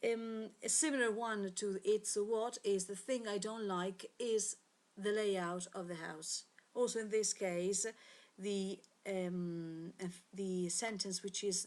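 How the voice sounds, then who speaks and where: A woman, an English teacher giving a recorded grammar lesson, pausing often and correcting herself as she explains. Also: medium pitch, a little mellow. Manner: hesitant, frequent fillers and self-corrections.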